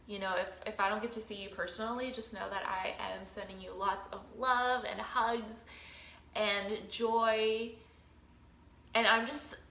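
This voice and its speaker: A woman's voice: mid-range voice, vocal fry, bright, forceful tone, reverberant, a little hiss or hum, rough recording. A woman talking casually to her viewers in a rambling, affectionate way, full of fillers and little laughs. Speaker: vlogger. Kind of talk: casual spiritual vlog talk.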